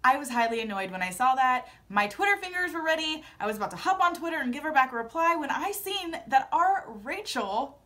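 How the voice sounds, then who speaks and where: Sassy high-voiced young woman vlogger. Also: fairly quick, few pauses. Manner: sassy, animated, opinionated commentary. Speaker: vlogger recapping a TV show. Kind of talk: casual chat.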